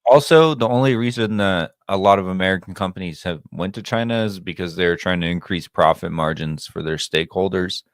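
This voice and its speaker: A man's voice: deep voice, fairly bright tone, dry recording, studio quality. A man co-hosting a podcast in casual chat, laying out his points in an explanatory way. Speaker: podcast co-host.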